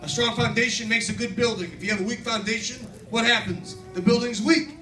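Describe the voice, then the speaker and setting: A man playing a brash male construction foreman who teaches kids in a children's church skit, with a loud, bossy, tough-guy patter. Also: extremely high pitch, a little fast, slight background noise. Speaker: kids' camp skit performer. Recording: echoey hall, far from mic, audience.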